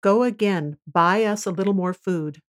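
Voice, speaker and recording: A woman reading the lines of a grieving old father in a scripture reading, in a solemn, measured way. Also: medium pitch, natural voice. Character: grieving old male patriarch, fearful for his son.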